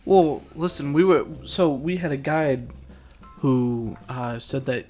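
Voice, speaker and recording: A man's voice: mid-range voice, slow, darkish tone, faint music behind. A man playing a tabletop game in character, talking in a friendly, polite way. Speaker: player.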